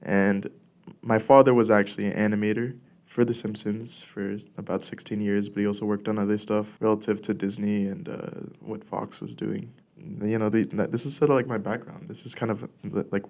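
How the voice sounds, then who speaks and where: A young man from California hosting a casual solo podcast, rambling with lots of fillers and restarts, a little congested and clearing his throat. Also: fairly low pitch, little pitch movement, normal speed, a little mellow. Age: young adult. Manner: rambling, filler-heavy with many likes and restarts. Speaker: podcast host. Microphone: studio podcast mic.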